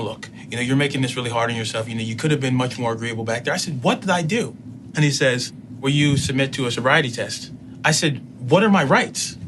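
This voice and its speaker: A man's voice: mid-range voice, background noise. A middle-aged man telling a personal story in casual speech, acting out both sides of a conversation.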